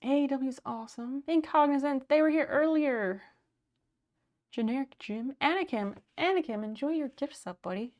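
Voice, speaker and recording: A woman's voice: high-pitched, moderate pace, a little mellow, lo-fi sound. A woman streamer in casual live chat, thanking viewers by name, telling stories and swearing casually.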